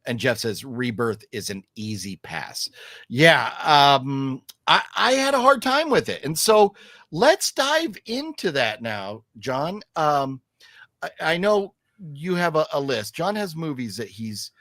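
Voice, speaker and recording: A man's voice: on the high side, very animated, slow pace, pushed and bright, no room sound, studio quality. A man hosting a casual live stream, chatting and reading viewer comments aloud with lots of fillers. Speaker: host.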